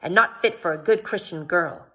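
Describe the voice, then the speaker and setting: A woman's voice: lowish voice, normal speed, fairly bright tone, close to an everyday voice. A woman voicing a stern priest who disapproves of dancing. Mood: disapproving.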